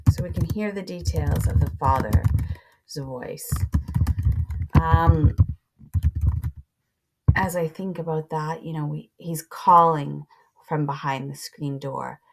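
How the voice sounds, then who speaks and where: Low-voiced woman teaching a reading lesson. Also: steady tone, heavy background noise. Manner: slow, deliberate teaching voice, pausing to annotate. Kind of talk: reading a passage aloud and explaining it to students.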